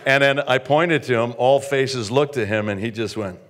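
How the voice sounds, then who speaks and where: Man telling a lively anecdote. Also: medium pitch, moderate pace, heavy background noise. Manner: animated, stammering restarts, acts out quotes. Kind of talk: anecdote storytelling.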